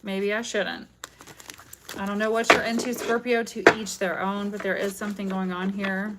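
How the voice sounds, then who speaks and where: A woman gives a casual live tarot reading, rambling on with frequent giggles. Her voice sits at an ordinary middle pitch. Clear background noise and shuffling cards run under her home stream. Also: flat delivery, normal speed. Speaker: tarot reader.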